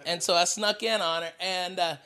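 A man's voice: sits high, steady tone, normal speed, sharp tone, clean tone. A man with a Southern US accent in casual comedic podcast chat, profane and ranting. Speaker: podcast co-host.

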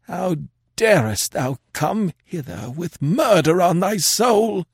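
A man's voice: high-pitched, animated, slow pace, gravelly, husky, no echo, clean studio sound, voice pushed up, full character voice. A man voicing a grief-stricken aged male watchmaker who talks in a mournful, quavering lament. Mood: horrified.

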